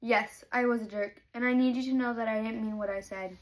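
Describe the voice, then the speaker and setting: A woman's voice: on the high side, steady tone, brisk, lightly acted. Cocky young man, as a woman reads him aloud. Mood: teasing. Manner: read aloud from a novel, lightly acted.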